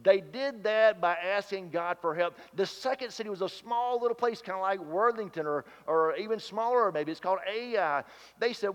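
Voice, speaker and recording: A man with a fairly high voice preaches a folksy, animated sermon full of rhetorical questions. His voice rings out with a long reverb in a large church space, and the recording sounds somewhat muffled. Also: moderate pace.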